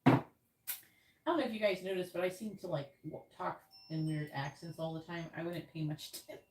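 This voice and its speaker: A New York woman hosts a livestream as a tarot reader, chatting casually, rambling, and laughing often. Her voice is on the low side, fairly quick and a little mellow, with a little hiss or hum; the sound is roomy, as she's distant from the mic.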